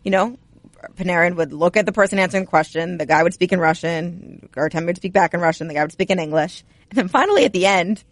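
A woman co-hosting a hockey podcast, chatting casually and telling stories with lively energy. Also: on the low side, fast, no echo. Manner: chatty, animated storyteller. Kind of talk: casual sports chat.

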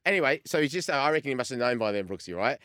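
A man in his fifties with an Australian accent, a former goalkeeper telling an animated story as a sports radio guest and acting out the conversations he recounts. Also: medium pitch, rapid-fire, dry recording, studio quality. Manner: animated storyteller who acts out quoted exchanges.

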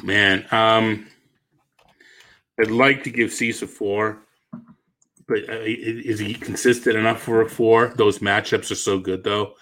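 Co-hosting a laid-back fantasy baseball podcast, a man with a Boston accent speaks hesitantly, often restarting, trailing off and laughing easily. His fairly low, fairly bright voice keeps a level tone at an unhurried pace with frequent pauses.

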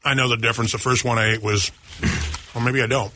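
A man's voice: medium pitch, fairly even intonation, fast talker, sharp tone, slight background noise. A man co-hosting a radio talk show, joking and chatting casually while eating on air in the studio. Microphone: studio microphone.

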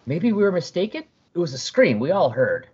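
A brisk soldier reporting in clipped military phrases, as a man puts him on. The voice is raised and husky on a dull recording. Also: a little high, very animated, darkish tone, pitched above the performer's own voice, exaggerated voice. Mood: alert. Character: brisk male soldier officer.

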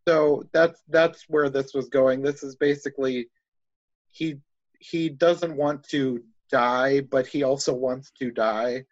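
A man's voice: medium pitch, steady tone, slow, no echo. A man in casual chat, enthusiastic and rambling, thinking aloud as he talks. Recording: dull lo-fi dry sound.

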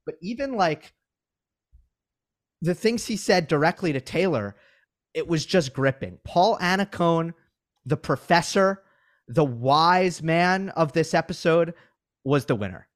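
A man's voice: a little high, expressive, measured pace, pauses often. A man co-hosting a sports recap podcast, chatting casually in an emphatic, teasing way. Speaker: podcast co-host. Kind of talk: casual chat.

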